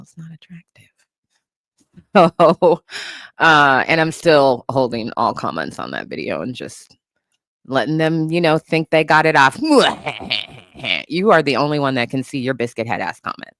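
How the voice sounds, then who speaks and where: A woman's voice: a bass voice, animated, moderate pace, gravelly, a bit bright, no echo, studio quality. A woman in her forties hosting a casual livestream chat, sassy and often laughing as she mocks critics. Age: 40s. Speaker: livestream host.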